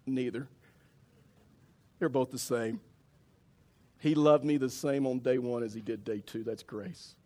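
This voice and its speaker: A middle-aged man, a pastor preaching a sermon as a lively storyteller who acts out his own reactions. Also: mid-range voice, a little slow, pauses often. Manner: animated storyteller, acts out his own outbursts, many restarts.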